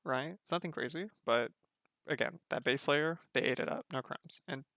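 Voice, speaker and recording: A man's voice: on the high side, moderate pace, sharp tone, no room sound, clean studio sound. A man streaming live, gushing in casual slangy commentary and repeating himself as he reacts.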